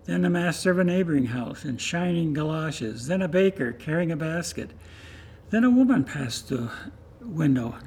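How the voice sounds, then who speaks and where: A man's voice: fairly high pitch, gravelly, slightly rough. Man reading a story in church. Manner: steady, plain storytelling. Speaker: reader in a church service.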